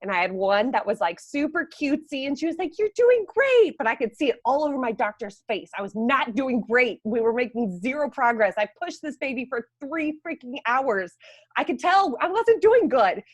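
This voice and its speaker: Young woman, animated storyteller; fairly high and very lively voice, dry close sound. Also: moderate pace, no echo. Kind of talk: casual storytelling.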